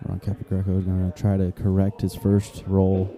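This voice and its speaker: A male play-by-play commentator calls a live match in a quiet, hushed golf-announcer voice. His tone is very dark and mellow, sitting a little low, and he tends to repeat phrases for emphasis. Faint music plays underneath. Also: completely flat delivery, moderate pace.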